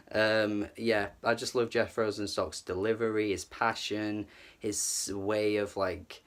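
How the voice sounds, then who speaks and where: A man with a fairly low voice reviewing an album in relaxed, casual talk. He sounds eager and swears a lot, with frequent restarts and stumbles. He is the channel's regular reviewer. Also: unhurried. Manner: loose and enthusiastic, swears, stumbles over words.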